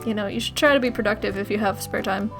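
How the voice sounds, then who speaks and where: A woman's voice: medium pitch, fast, gravelly, fairly bright tone, soft background music. A young woman answering viewer questions in a casual vlog, rambling and laughing often. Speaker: YouTuber.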